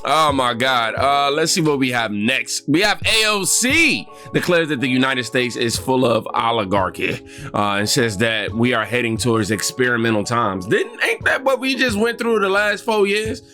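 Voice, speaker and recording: Guy reacting to news clips, sarcastic and laughing a lot, bright voice, faint music under it. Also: medium pitch, normal speed. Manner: sarcastic, animated, laughs often. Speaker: reaction video host.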